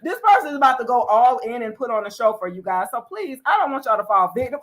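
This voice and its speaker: A high-pitched woman runs a casual live tarot stream. She talks to her viewers directly and jumps from loud, excited outbursts to quiet, low remarks. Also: quick pace, few pauses. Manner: animated, greets viewers, swings between loud exclamations and low asides. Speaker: tarot reader hosting a livestream.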